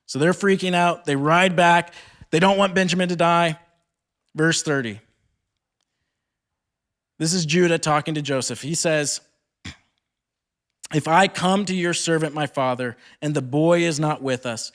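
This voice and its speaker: A man's voice: on the high side, a bit bright. A young man giving a retreat sermon, reading scripture aloud and then retelling it in casual, chatty speech full of "like". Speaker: speaker at a campus ministry retreat.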